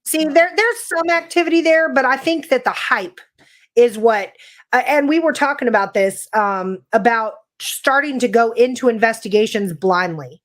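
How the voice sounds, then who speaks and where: A woman from California chats about investigations on a podcast. She tells stories in a lively, rambling way and leans on fillers. Her voice sits a little high. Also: moderate pace. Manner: chatty, animated storyteller using lots of "like" and "you know". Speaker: paranormal investigator. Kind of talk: casual podcast chat.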